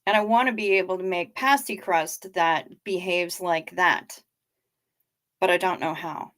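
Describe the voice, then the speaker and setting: A woman's voice: lowish voice, steady tone, a little slow, fairly bright tone, dry recording, clean studio sound. A woman hosting a live stream in a casual, chatty way, reading out viewer comments with wry asides and repeating herself for effect. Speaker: livestream host.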